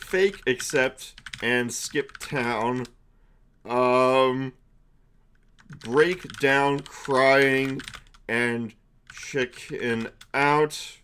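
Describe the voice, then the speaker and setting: A man's voice: mid-range voice, a bit bright, slight background noise. Chatty male streamer running a tabletop game. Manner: chatty, laughing, full of fillers.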